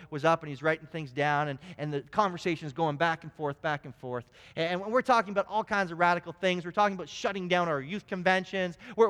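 A man preaching a sermon, telling stories in an animated way with frequent restarts. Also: sits high. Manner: storytelling, animated, many restarts. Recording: long hall reverb.

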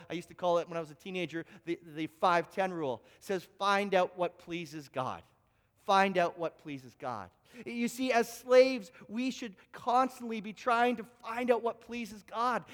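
Very high-voiced man preaching in a hall. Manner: animated storytelling, acting out both sides of a dialogue; stammers and repeats words. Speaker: pastor. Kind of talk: sermon.

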